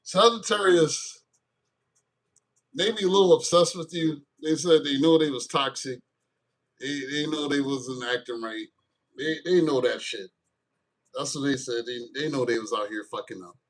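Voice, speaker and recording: A man giving a casual tarot reading, animated and jokey, with crude asides. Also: mid-range voice. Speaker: tarot reader.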